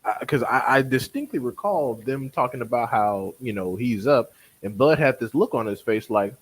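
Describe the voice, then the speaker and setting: A man with a husky voice argues boxing opinions in a casual chat. His pitch leaps around as he mocks critics by imitating them. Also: moderate pace, poor audio. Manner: animated, mocking, mimics critics. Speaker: boxing podcast co-host.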